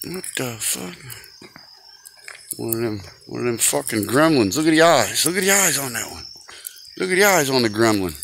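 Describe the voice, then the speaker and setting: Walking along a roadside outdoors, an ordinary man films himself chatting crudely to his dog, teasing it and swearing a lot in a mid-pitched voice. It's a noisy outdoor phone recording with steady background noise.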